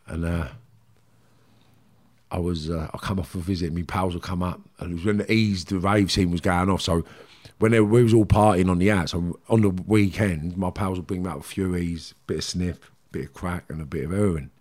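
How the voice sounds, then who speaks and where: A man's voice: low voice, steady tone, moderate pace, darkish tone. A middle-aged man with a Cockney accent, bluntly recounting his past in a rambling interview. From London, England. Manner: blunt, rambling, frequent "do you know what I mean". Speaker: guest. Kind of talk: candid interview storytelling.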